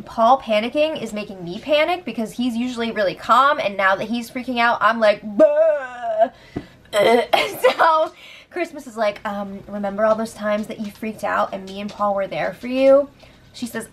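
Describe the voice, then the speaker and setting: Young woman host, bubbly recap chat, slightly high voice, quick laughs and sarcastic asides. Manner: animated, giggly, sarcastic asides. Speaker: show update host.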